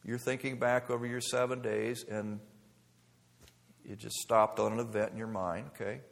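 A man's voice: on the low side, little pitch movement, moderate pace, vocal fry. Male pastor delivering a sermon in a church sanctuary with a long hall echo, asks rhetorical questions, grows emphatic.

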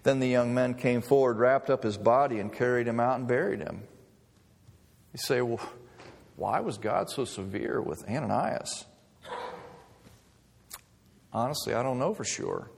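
A man's voice: medium pitch, animated, measured pace, vocal fry, long pauses. A man preaching a sermon in a conversational way, mixing humor with scripture. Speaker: pastor. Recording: long reverb of a hall.

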